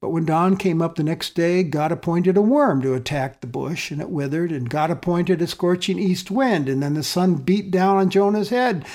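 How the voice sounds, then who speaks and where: Man, pastor, sermon, earnest, somewhat high voice, loud emphasis then soft phrases. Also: normal speed, few pauses.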